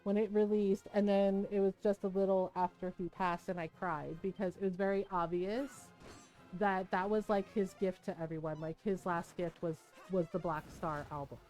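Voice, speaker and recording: A woman streamer chatting casually with her live viewers, animated and swearing often, with frequent laughter. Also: medium pitch, normal speed, faint music behind.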